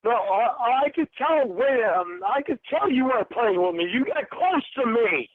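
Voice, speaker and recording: A man's voice: very high voice, sing-song, moderate pace. A man in a furious, swearing phone argument, hurling accusations. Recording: tinny phone line.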